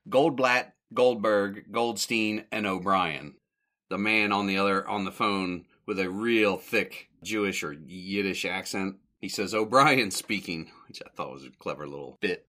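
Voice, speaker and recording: A podcast host with a fairly low-pitched, sharp-toned voice casually retells an old comedy short. He rambles a little, often correcting himself and chuckling.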